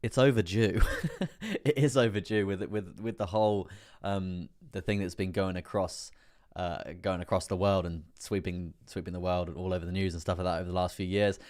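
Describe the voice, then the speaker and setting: A man hosting a live trading stream, chatty and rambling with many fillers, laughing often and getting excitable as prices move. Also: deep voice, normal speed. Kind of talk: live stream market commentary.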